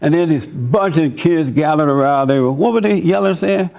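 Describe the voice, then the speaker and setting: A man giving a church talk as pastor, telling stories in an animated, preachy way. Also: a little high, normal speed, creaky, lo-fi sound.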